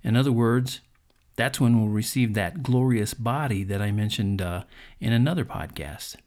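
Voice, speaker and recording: A man's voice: mid-range voice, normal speed, darkish tone. A man hosting a devotional podcast, talking in an earnest, conversational preaching manner with frequent fillers. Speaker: podcast host.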